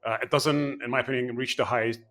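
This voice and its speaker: A man's voice: mid-range voice, fairly even intonation, a little fast, a bit bright. A man co-hosting a game podcast, chatting casually and animatedly, rambling with many restarts. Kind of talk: casual chat, game review discussion.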